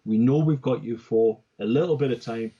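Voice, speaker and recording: A man's voice: medium pitch, brisk, warm tone, husky. Chatty man on dull lo-fi audio. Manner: chatty, repeats "right?" and "yeah?". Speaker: company director, co-host. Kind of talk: casual business podcast chat.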